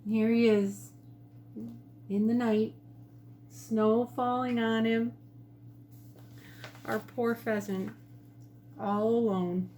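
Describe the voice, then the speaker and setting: A woman, a teacher, reading her own picture book to children from her home kitchen with gentle, expressive storytelling. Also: a little high, very slow, pauses often, slight background noise.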